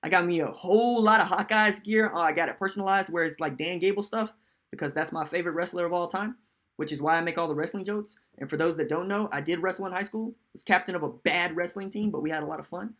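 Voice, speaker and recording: A man hosting a live-stream sports podcast in casual, animated chat, reading viewer comments aloud. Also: high voice, fast. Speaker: podcast host.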